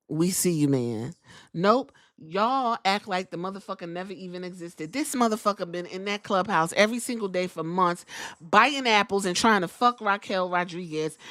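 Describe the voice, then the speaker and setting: A young adult woman hosting a podcast, giving a casual, profane, animated wrestling recap and acting out quotes. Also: medium pitch, dry recording, clean studio sound. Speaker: podcast host.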